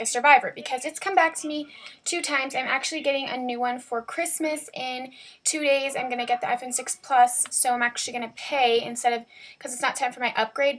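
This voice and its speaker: A teenage girl talks straight into a camera at home, telling a story about her own life. She rambles and fills every pause with "like" and "um", in a voice that sits a little high. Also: fairly bright tone. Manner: chatty, rambling, full of "like" and "um". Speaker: vlogger. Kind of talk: casual storytelling vlog.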